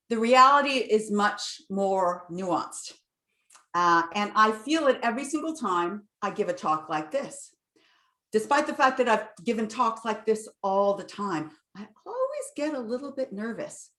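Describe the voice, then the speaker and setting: A woman's voice: medium pitch, expressive, measured pace, fairly bright tone, roomy sound. A woman neuroscientist giving an enthusiastic online lecture, with fillers and restarts, speaking into a computer microphone.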